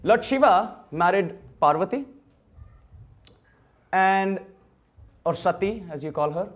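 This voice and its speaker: A man's voice: sits high, animated, slow pace, dull audio. A man giving a temple sermon, telling a sacred story and acting out the dialogue of its figures. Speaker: temple speaker. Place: temple hall.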